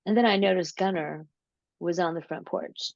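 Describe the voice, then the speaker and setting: This is a lower-pitched woman, recorded dry and close with dull, lo-fi sound. She talks slowly and casually, drawing out her story with plenty of "um"s and restarts. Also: vocal fry, a little mellow, dry recording. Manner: slow, drawn-out storytelling with many fillers. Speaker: interview guest, paranormal researcher. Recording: dull lo-fi audio.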